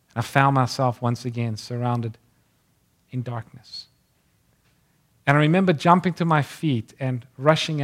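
A man preaching a sermon, reading scripture aloud and then telling a personal story in an earnest, storytelling way that sinks to a hush at tender moments. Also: mid-range voice.

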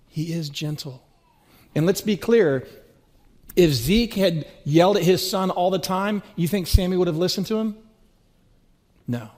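A man's voice: on the high side, a little mellow. A middle-aged man preaching a sermon, telling stories with rising, swelling emphasis. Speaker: pastor.

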